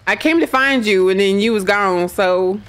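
A woman's voice: mid-range voice, normal speed. A woman playing a horror game with friends, brash and teasing, trash-talking as she plays. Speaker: co-player. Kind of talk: casual gaming chat with friends.

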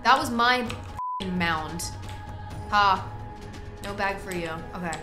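A young woman giving excitable, reactive commentary while playing a video game, yelling at wins and groaning at losses. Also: medium pitch, takes it slowly, roomy sound, over music. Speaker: gaming video creator.

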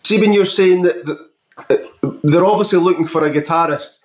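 Higher-voiced male host, echoey room. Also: moderate pace. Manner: short backchannel replies and follow-up questions. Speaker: podcast host. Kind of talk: casual interview. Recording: roomy echo, a little far from the mic.

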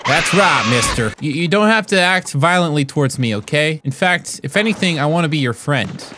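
A man giving comedic gameplay commentary as a YouTuber, goofing around and yelling playful threats at other players. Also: on the high side, animated, a little fast, very noisy. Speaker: gaming YouTuber.

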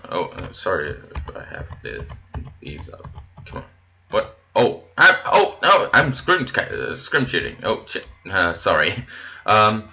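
A man giving casual, rambling gameplay commentary as host of his channel, easily excited and chatting to his viewers. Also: low voice, lo-fi sound.

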